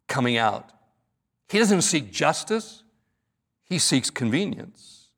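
A man preaching an earnest expository sermon, stretching key words for emphasis. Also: fairly high pitch. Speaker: pastor.

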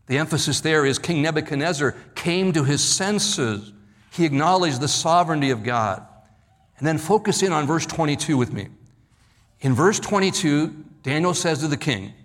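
A man preaching a sermon in an emphatic, measured way, slowing down and dropping his voice on key words. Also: on the high side. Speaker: pastor. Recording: long hall reverb.

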